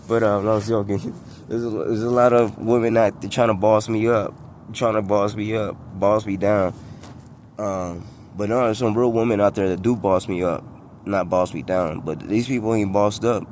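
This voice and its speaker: A man's voice: low-pitched, darkish tone, slight background noise. A man talking casually to his camera outdoors by a condo pool, boastful and full of street slang, chuckling as he goes. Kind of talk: casual vlog monologue.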